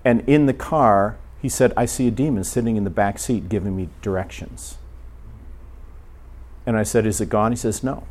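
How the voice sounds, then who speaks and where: A man preaching a sermon, telling a story and acting out prayers, often dropping to a near hush. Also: on the low side, normal speed. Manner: animated storyteller, acts out prayers, drops to a hush.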